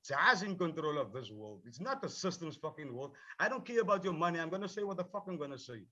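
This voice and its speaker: A man speaks heatedly about his craft, swearing freely and circling back over his points. His voice sits a bit high for a man. The sound is dull and muffled, as if it came over a video call. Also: big pitch swings, fast, bright, forceful tone. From South Africa. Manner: passionate, profane, repeats himself. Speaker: rapper, film subject. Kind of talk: heated panel discussion.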